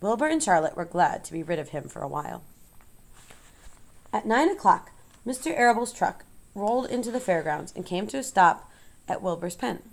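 Gravelly low-voiced woman reading a story. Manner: measured, expressive storytelling. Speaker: narrator.

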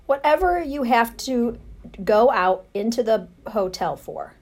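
A woman's voice: a little high, expressive, a little slow. A woman voicing a pompous, cautious uncle mouse in a storybook reading, blustering and hedging.

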